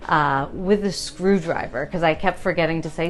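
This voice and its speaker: A woman talks in a casual, chatty way about fixing up a kitchen, her voice a little on the low side. She tells her stories with a lot of animation and laughs along the way. Faint music runs under her voice. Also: normal speed. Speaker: home renovation vlogger. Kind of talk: casual chat.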